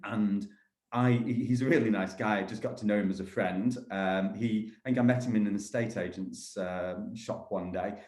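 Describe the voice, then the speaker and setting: A man's voice: on the low side, steady tone, normal speed, darkish tone, reverberant. A man with a Manchester accent, chatting on a video call as an interview guest, rambling a little with restarts. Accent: Manchester English. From England. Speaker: property developer guest.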